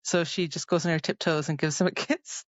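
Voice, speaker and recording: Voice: mid-range voice, steady tone, brisk, no room sound, dull audio. A podcast co-host chatting casually about a book and retelling scenes animatedly, quoting the characters.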